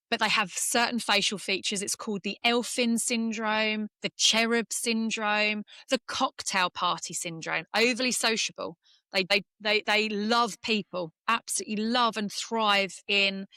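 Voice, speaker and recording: A middle-aged English woman, a former golfer, talking candidly in an interview and speaking in quick, emotional bursts with restarts. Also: mid-range voice, bright, forceful tone, clean tone, no echo, studio quality. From England. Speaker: former professional golfer, guest.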